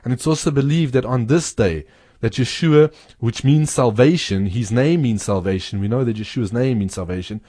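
Man, bible teacher, mellow tone, dry close sound, earnest, repeats key words. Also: medium pitch, normal speed, dry recording. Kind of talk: teaching on scripture in a radio-style talk show.

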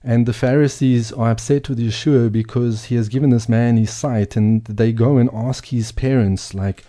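A man's voice: medium pitch, steady tone, normal speed, warm tone. A man giving earnest Bible teaching, speaking emphatically and repeating phrases for emphasis.

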